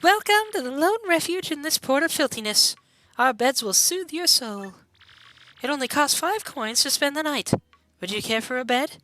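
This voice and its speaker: A man voicing a cheery innkeeper in a video game, with a bright, sing-song delivery. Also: very high-pitched, expressive, normal speed, pitched above the performer's own voice, full character voice, rough recording. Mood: chirpy. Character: cheery innkeeper of a seedy port inn.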